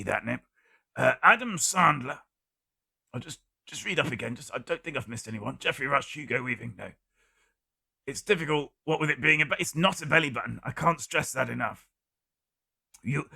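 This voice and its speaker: A man hosts a live-streamed guessing game and reads out chat guesses with a wry, deadpan humor. His voice is gravelly with a husky edge and a bright, piercing tone. The sound is dry and close, with no room around it. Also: medium pitch, no echo.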